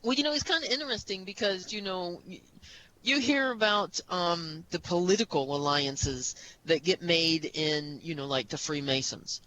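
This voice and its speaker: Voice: mid-range voice, normal speed, bright, forceful tone, low-quality recording. A podcast co-host talking casually about history, rambling with many restarts and "you know"s.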